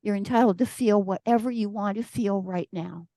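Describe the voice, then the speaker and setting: A woman's voice: medium pitch, normal speed, warm tone, no room sound. Woman giving a storytelling sermon. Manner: storytelling, acts out quoted voices. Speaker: guest speaker. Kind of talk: conversational sermon.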